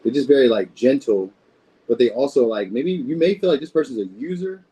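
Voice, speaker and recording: Man, casual tarot reading, warm low-toned voice, slightly husky, rambling, cusses a lot. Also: fairly quick, rough recording. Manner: loose, rambling, swears freely. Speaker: tarot reader.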